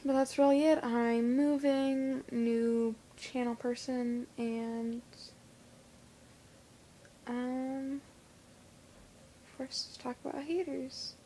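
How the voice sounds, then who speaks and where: Teen girl vlogger, lisp, hesitant and unhurried, phone recording. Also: high-pitched, fairly even intonation, warm tone, slight background noise. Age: teens. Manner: hesitant, halting with many fillers. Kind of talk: casual vlog talk to camera. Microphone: phone camera.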